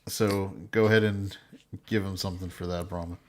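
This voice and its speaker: A man co-hosting a casual political show, reading viewer messages aloud, argumentative and quick to snap. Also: sits low, steady tone, slight background noise. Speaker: podcast co-host reading super chats.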